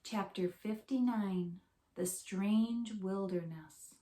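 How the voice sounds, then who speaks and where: A woman teacher reading a storybook aloud to young children in a slow, clear, expressive way. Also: medium pitch. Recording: roomy echo.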